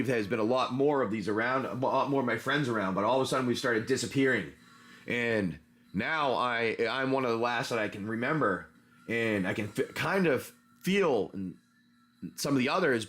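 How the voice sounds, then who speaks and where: A man's voice: medium pitch, fairly bright tone. A man hosts a laid-back trading card livestream, chatting to his viewers as he sorts cards. His talk rambles and loops back on itself, and he slips into spinning an adventure story off the cuff. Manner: rambling, chatty, talks while handling cards. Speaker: livestream host opening card packs. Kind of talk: casual livestream chat and improvised story narration.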